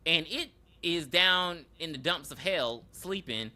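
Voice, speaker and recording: A woman's voice: low voice, expressive, takes it slowly, bright, forceful tone. A woman co-hosting a podcast, recapping a TV episode in loose casual chat and acting out the characters' lines. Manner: loose storytelling, acting out characters with slang and laughs. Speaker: podcast co-host.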